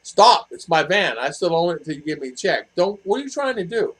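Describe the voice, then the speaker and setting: A man's voice: on the high side, big pitch swings, fast, a bit bright, slightly rough, low-quality recording. An older man hosting a casual live stream from his home, reading chat messages and telling stories in a blunt, rambling way, repeating himself. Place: home in the Philippines.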